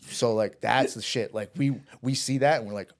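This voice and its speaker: A man's voice: medium pitch, moderate pace. A man telling a story in a casual chat, rambling and profane, with restarts and acted-out dialogue. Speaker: podcast guest.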